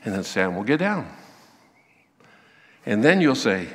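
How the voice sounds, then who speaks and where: Man, pastor, sermon, slow deliberate delivery, gravelly, long church reverb. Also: lowish voice. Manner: animated preaching, acting out quoted voices.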